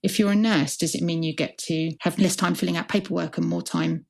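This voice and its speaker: A woman's voice: fairly low pitch, fairly even intonation, a little fast, vocal fry, a little mellow. A woman who is a hospital chief information officer, answering interview questions in an earnest, reflective way and building her points as lists.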